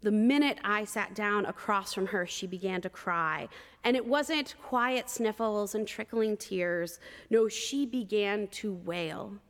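A woman preacher telling a personal story in a sermon, measured and expressive with vivid detail. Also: on the high side, long reverb tail.

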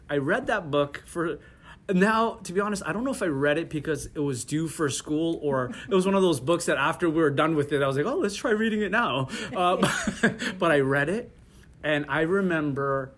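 A middle-aged man answers interview questions in an easygoing way, his voice sitting somewhat high for a man. He restarts sentences often and breaks into laughter as he talks. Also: fairly bright tone. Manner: hesitant, many restarts and laughs. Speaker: interview guest. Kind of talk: casual conversational interview.

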